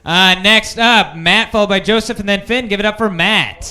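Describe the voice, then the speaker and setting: A man hosting an open mic, briskly introducing the next comics. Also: high voice. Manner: brisk, plain announcing.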